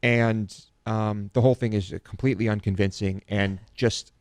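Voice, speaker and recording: A man's voice: lowish voice, moderate pace, no echo. A man who is a show regular, telling an anecdote in casual chat with lots of restarts. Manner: rambling, animated storytelling with many restarts.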